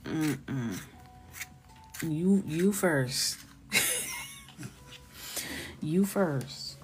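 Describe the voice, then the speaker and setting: A woman's voice: low-pitched, expressive, drawn-out words, over music. A middle-aged woman hosting a coloring livestream, chatting casually and jokingly while reading viewer comments. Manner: chatty, joking, reads chat aloud.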